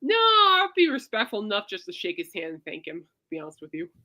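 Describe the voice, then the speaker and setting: A woman with a mid-range voice talks a little fast while hosting her own podcast. She rambles through stories in a casual, chatty way, her volume swinging loud and soft as she animatedly addresses her listeners as "people."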